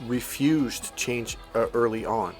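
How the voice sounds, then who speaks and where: Male life coach, animated storyteller, average pitch, soft music bed underneath. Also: measured pace. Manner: animated storyteller, acts out both sides of dialogue. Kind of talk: coaching monologue with anecdote.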